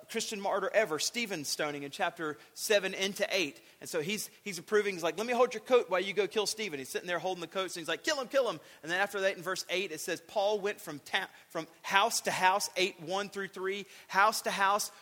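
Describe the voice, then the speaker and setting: A man preaching a sermon, animated, acting out quoted voices and shouting for emphasis. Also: high-pitched. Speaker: pastor. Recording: long hall reverb.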